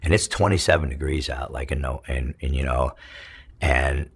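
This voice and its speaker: A middle-aged man from California, telling his story in an interview, profane and halting with many restarts. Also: extremely low pitch, vocal fry, husky. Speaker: interview guest, former prisoner. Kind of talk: emotional storytelling.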